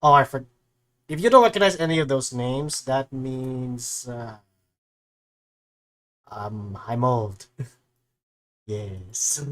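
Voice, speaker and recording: A man's voice: mid-range voice, slow, pauses often, fairly bright tone. Young male streamer, casual and rambling reaction talk. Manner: rambling, with many fillers.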